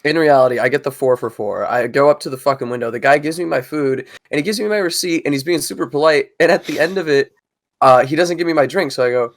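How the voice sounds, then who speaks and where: A man's voice: fairly high pitch, fast, creaky. A man casually telling a rambling story on a podcast, acting out the people in it. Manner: rambling storyteller who acts out quoted voices. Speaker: podcast co-host.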